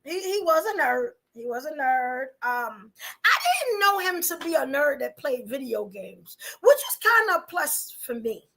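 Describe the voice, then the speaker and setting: A woman's voice: sits high, very animated, a little slow, gravelly, bright, forceful tone. A woman hosting a livestream, chatting casually with viewers, full of rhetorical questions and fillers. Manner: chatty, addresses chat viewers directly. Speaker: podcast host.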